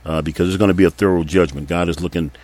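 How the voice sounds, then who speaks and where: A man with an extremely deep, low voice teaches from the Bible in sermon style. He reads scripture passages aloud, then comments earnestly, repeating key points for emphasis. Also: fairly even intonation, very fast, darkish tone.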